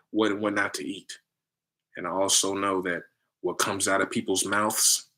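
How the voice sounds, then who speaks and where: A man giving a casual spiritual talk, telling animated stories with loose slang and acting out other people in raised voices. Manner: animated storytelling, acts out others in high voices.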